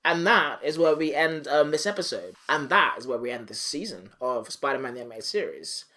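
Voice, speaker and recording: Man, podcast host, slightly high voice, animated, swears a lot, acts out characters. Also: a little fast, background noise. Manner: animated, profane, acts out characters while recapping. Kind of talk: casual recap chat.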